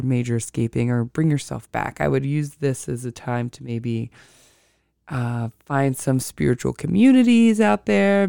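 Solo astrology podcaster: slow, thinks before speaking, restarts a lot; gravelly, dry sound. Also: mid-range voice, a little mellow, no echo. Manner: self-correcting, with frequent restarts. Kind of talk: casual solo podcast talk.

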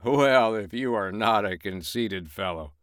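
A man's voice: on the low side, measured pace, a bit bright, clean tone, no echo, clean studio sound. A man voicing a wry farm dog in a storybook reading, chiding and laughing at a braggart.

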